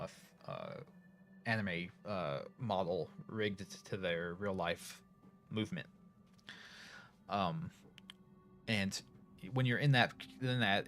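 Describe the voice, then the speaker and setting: Low-voiced rambling man chatting on stream. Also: fairly bright tone. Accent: Northern US. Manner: rambling, many fillers and restarts. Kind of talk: casual chat to chat viewers. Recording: faint music behind.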